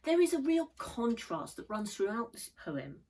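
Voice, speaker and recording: A woman teacher giving a measured, thoughtful poetry lesson. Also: fairly high pitch, big pitch swings, a little mellow, slightly rough, rough recording. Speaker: English literature teacher.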